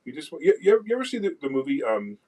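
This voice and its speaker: A man hosting a radio money show in casual chat, emphatic and animated, quizzing his guests. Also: fairly high pitch, rapid-fire, rough recording.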